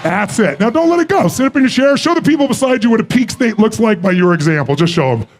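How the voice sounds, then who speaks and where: Soft background music plays as a high-voiced motivational speaker gives a fast, energetic live seminar to a big audience. He peppers the crowd with rhetorical questions, at times shouting to fire them up.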